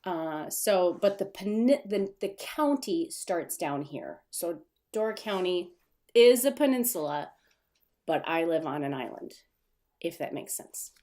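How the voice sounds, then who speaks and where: This woman's voice sits low, with a dark tone, a slow pace, and plenty of expression. Hosting a casual stream from her desk at home, she rambles, reads out comments from viewers, and laughs at her own stumbles.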